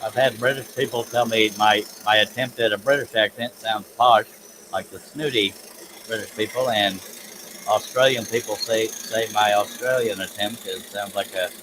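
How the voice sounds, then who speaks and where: A man with a lowish voice hosts a live stream, chatting casually and teasing himself while he works as an artist. He sounds easygoing and chuckles often, speaking at a moderate pace in a steady tone. Some background noise can be heard.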